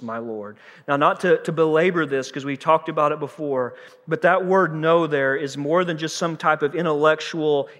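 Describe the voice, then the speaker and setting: A man's voice: fairly high pitch, a bit bright, long reverb tail. A man preaching a sermon as pastor, emphatic and conversational, repeating words for stress and mixing in light humor.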